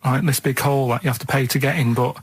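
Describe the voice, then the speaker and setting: A man's voice: mid-range voice, steady tone, fast, slightly rough, dry recording, low-quality recording. A man with a Mancunian accent telling a rambling, hesitant anecdote in a radio studio, often tagging sentences with "right?". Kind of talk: rambling anecdote in casual chat.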